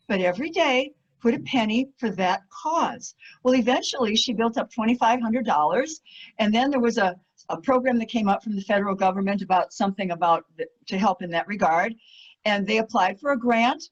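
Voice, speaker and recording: A woman giving an enthusiastic storytelling talk as a guest speaker, animated, laughing often, with many fillers. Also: on the high side, breathy edge. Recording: muffled lo-fi audio.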